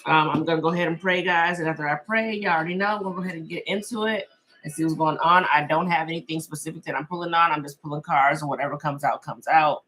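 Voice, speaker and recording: A woman's voice: sits low, fast, a bit bright. A middle-aged woman hosting a casual live-stream tarot reading, chatty and reassuring, reading viewer comments aloud and laughing often.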